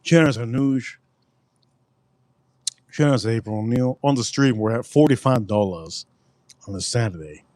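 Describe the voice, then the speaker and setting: A man's voice: mid-range voice, darkish tone, no room sound. A man hosting a casual livestream, rambling and joking with plenty of swearing. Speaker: livestream host.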